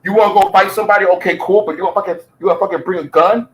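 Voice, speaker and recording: In a rough recording, a man rants with heated commentary, swearing constantly and repeating his points. His voice is high-pitched and very fast, with a steady tone.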